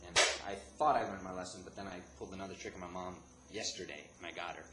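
A man from the Chicago area telling a comic story, animated, jumping between laughing outbursts and hushed asides. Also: deep voice, quick pace. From Chicago area, United States. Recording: echoey room with background noise.

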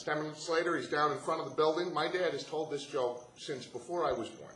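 A man with a high, bright voice tells a comic story, dry and chatty, stacking detail after detail. The sound is roomy, with an echo that hangs in the hall. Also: fairly quick. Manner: chatty, builds up the joke with deadpan detail.

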